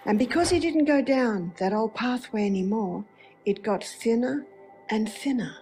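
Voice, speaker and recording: A woman with a somewhat high voice gives a faith-based lecture. She speaks expressively, telling a story and asking rhetorical questions, with faint music behind her. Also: animated, moderate pace, darkish tone.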